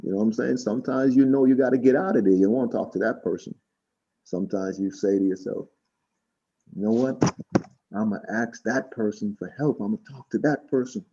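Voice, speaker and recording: A man from Jamaica telling stories in casual chat on a video call, animated and quick to act out what others said. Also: on the low side, breathy edge. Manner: chatty, animated, quotes people in raised voices. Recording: dull lo-fi call audio.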